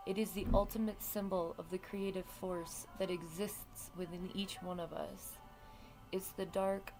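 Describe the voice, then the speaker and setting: A woman with a deep, gravelly morning voice talks calmly through a spiritual card reading, unhurried and reflective. Her voice sits low and rough. Soft music plays faintly behind her. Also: rough recording. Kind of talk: casual talk and reading aloud from a card deck.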